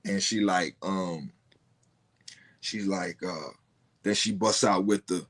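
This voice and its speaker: A man's voice: low-pitched, a bit bright. A man, a podcast guest, telling a personal story in casual, profane talk full of restarts. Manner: profane, halting, many restarts.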